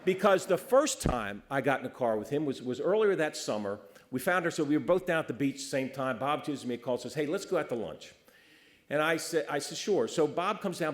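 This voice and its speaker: A man, a police officer, telling a funny story at a roast. He often stammers and restarts, and he acts out the people he quotes. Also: a little high.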